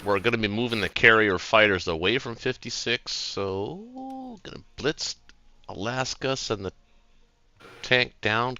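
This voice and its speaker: A lower-voiced man with a very bright, cutting tone and lively, swinging pitch lays out his game turn step by step. His audio comes through dull and lo-fi. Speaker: board game player. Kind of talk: casual live-stream game chat.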